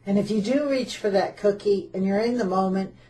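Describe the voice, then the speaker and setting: A woman's voice: mid-range voice, fairly quick, mellow. Woman interviewer, friendly, summarizing questions.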